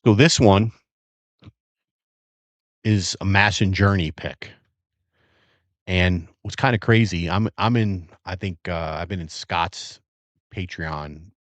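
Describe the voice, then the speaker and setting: A man with a very low voice chats casually on a live stream, rambling and savoring each sip as he talks. His sound is dry and close, with no room around it. He is middle-aged and from the Virginia area. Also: slow pace, long pauses, dry recording. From Virginia area, USA. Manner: relaxed, rambling, savoring and reacting to sips. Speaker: bourbon livestream host.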